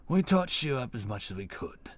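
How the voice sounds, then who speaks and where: A man voicing a calm, controlled male knight lieutenant in armor, speaking in a measured way. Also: medium pitch, voice pushed up.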